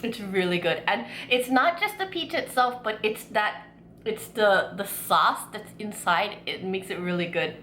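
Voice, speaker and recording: A woman food vlogger talks in a medium-pitched voice, excitable and gushing, full of casual fillers. She sounds like she is in a roomy, echoing space. Faint ambient noise sits behind her. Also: a little slow. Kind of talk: casual food tasting vlog.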